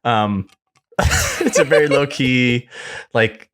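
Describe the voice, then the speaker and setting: Lively, bright-voiced young man spinning a story. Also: medium pitch, slow pace. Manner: animated storyteller who laughs often. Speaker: podcast co-host. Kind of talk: casual comedy chat.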